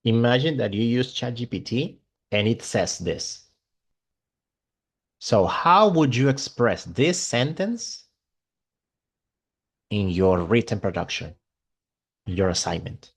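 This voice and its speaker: Spanish-speaking guy teaching english online, slow and super animated. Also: medium pitch, slightly rough. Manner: enthusiastic, expressive. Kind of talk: online class lecture.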